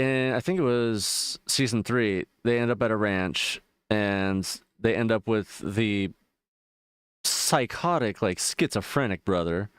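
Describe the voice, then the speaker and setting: A man's voice: on the low side, clean tone, no echo, studio quality. A male streamer chatting casually while gaming, rambling and swearing freely, full of fillers. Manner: rambling, profane, loose retelling with frequent fillers.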